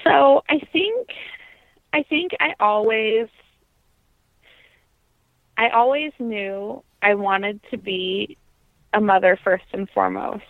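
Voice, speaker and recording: A woman's voice: mid-range voice, slow pace, long pauses, dry recording. A young adult woman, a trained opera singer, talks in a reflective, heartfelt way in a casual interview. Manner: reflective, heartfelt, many fillers. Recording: tinny phone-like sound.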